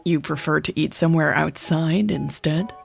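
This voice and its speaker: A woman narrating plays a tired, wry businesswoman who speaks dryly and takes her time. The voice is low with a gravelly fry. It is a character in a romance story read aloud. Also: moderate pace, soft background music.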